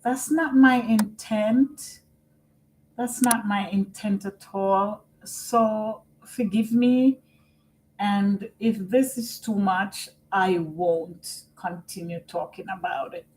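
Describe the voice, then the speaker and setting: A middle-aged woman live-streaming on her computer at home, talking slowly and earnestly about caring for her father and often repeating herself. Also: medium pitch, darkish tone, slight background noise, poor audio. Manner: slow and earnest, repeats phrases. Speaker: vlogger and family caregiver. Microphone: computer microphone.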